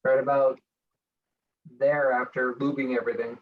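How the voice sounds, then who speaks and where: A man's voice: medium pitch, little pitch movement, moderate pace, phone-quality sound. A man playing in a tabletop game, speaking in a casual, offhand way. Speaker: player.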